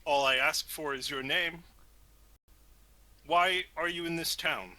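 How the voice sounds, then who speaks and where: A man's voice: a little high, takes it slowly, pushed and bright, dry recording, pitched above the performer's own voice, full character voice. A man voicing a solemn male traveler from across the sea, speaking formally with a put-on accent.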